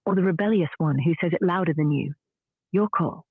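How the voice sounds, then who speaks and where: Brief: AI woman voice, calm and wry, slightly breathy, heard through a tinny phone speaker. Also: lowish voice, fairly quick, no echo. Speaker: AI chat companion. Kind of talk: conversational reply.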